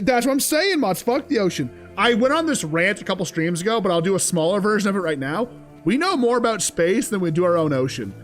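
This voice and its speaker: A young man streaming a game, chatting casually with his viewers, swearing freely and reacting to the action. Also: high voice. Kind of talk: casual gameplay commentary.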